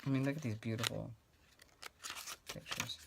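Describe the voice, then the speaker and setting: A rambling, chatty middle-aged woman with a strikingly low voice talks through her crafting. She laughs easily and drifts between topics. Clear rustling and clicking noises run under her voice. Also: steady tone, normal speed, heavy background noise. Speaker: craft vlogger. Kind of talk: casual crafting chat.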